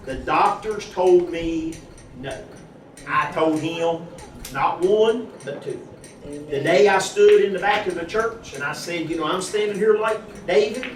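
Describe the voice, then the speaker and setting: Heard from a distance in an echoing room full of people, with a little hiss or hum, a man with a high-sitting voice speaks at a measured pace. He's a husband telling his congregation a personal testimony, animatedly performing the quoted conversations.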